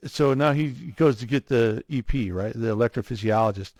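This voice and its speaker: A man telling his own story in a casual interview, animated, acting out what others said to him. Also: mid-range voice, brisk, dry recording, highs cut off. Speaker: guest, cardiac arrest survivor.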